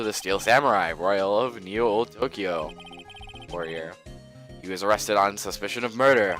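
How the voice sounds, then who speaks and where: A man's voice: deep voice, a bit bright. A man voicing a stiff male TV news anchor in a formal, announcer-like read. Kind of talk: game dialogue read aloud.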